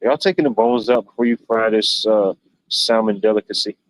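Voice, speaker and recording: A man's voice: fairly low pitch, normal speed. A man hosting a livestream, rambling casually with lots of fillers. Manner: rambling, laid-back storytelling with many fillers. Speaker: livestream show host. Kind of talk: casual chat. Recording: dull lo-fi stream audio.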